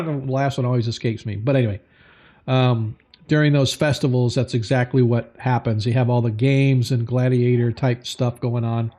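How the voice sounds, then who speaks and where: A man narrating a tabletop game as game master, slow and halting with many fillers. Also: mid-range voice, mellow.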